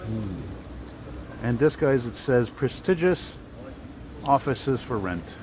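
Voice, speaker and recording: A man's voice: medium pitch, expressive, slow pace. Guy rambling on a night walk, camera mic, traffic noise all around. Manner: rambling, chatty, easily amused. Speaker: vlogger host. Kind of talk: casual walking vlog. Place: city streets at night, outdoors. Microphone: handheld camera while walking. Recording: noisy street outdoors.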